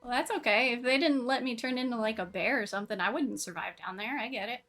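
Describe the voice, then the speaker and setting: A woman at a tabletop game, chatty and quick to laugh, with a voice a touch higher than most. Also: a bit bright, faint music behind. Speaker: player. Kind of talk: casual tabletop role-play.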